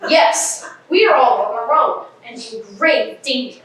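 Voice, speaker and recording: A woman's voice: sits high, animated, unhurried. A woman on a school stage playing a pompous, bumbling male police inspector in a live play, declaiming in a grand, theatrical way. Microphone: distant room mic. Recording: echoey hall from far off, faint hiss.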